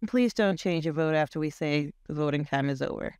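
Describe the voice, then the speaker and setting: Casual stream host, male, bright high register, crisp tone, playful countdown calls. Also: fairly quick, dry recording, clean studio sound. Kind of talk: casual live-stream chat.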